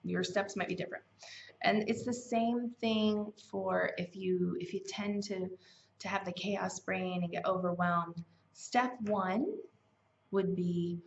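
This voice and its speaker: A woman's voice: medium pitch, fairly even intonation, slow, gravelly. Chatty woman teaching self-help, lo-fi. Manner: conversational, chatty, with fillers and self-corrections. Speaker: self-help challenge host. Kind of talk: casual motivational teaching. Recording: slightly dull, lo-fi sound.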